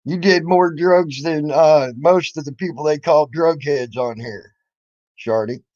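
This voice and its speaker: Guy with a kinda high voice going off in a sweary mocking rant, muffled lo-fi audio. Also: unhurried, darkish tone, dry recording. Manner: confrontational, mocking, swears a lot. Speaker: YouTube commentator. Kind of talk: angry profane rant. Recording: dull lo-fi recording.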